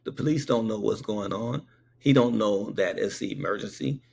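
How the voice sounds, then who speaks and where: A man's voice: fairly low pitch, moderate pace, gravelly, darkish tone, slightly rough. A man who works as a paramedic telling a personal anecdote, emphatic and punctuating his points with rhetorical checks on the listener. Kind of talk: spoken anecdote.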